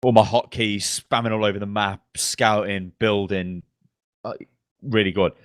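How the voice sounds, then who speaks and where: A young man with a fairly low voice co-hosts a casual gaming podcast. He laughs often and swears freely as he tells a story. The sound is dry and close to the mic. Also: fairly even intonation, normal speed, no room sound. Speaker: podcast co-host.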